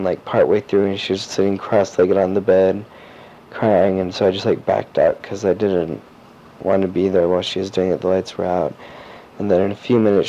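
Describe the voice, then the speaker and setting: A teenage boy recording a personal audio diary, rambling and halting with lots of fillers and restarts. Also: deep voice, dark tone. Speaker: diarist. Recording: dull lo-fi cassette tape with faint hiss.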